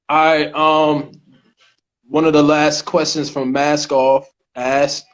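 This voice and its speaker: A man's voice: a little high, little pitch movement. A man with a New York accent, an actor and co-host, chatting casually on a podcast with frequent restarts and easy laughter. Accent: New York (Staten Island). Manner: halting, restarts a lot, laughs easily. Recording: dull lo-fi recording.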